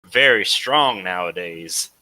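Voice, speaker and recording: A preachy, devout fellow stuck in crab form, declaring things in a formal, sermon-like way, as a man plays him in a tabletop game. The voice sits low, with a very sharp, tense edge. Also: lively intonation, slow pace, heavily acted, rough recording. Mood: solemn. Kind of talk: in-character tabletop role-play.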